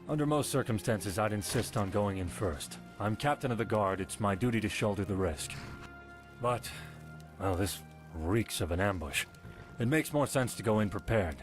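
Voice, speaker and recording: A man's voice: lowish voice, natural voice. A man voicing a weary guard captain. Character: dutiful male town guard captain, gruff. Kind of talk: modded game character dialogue.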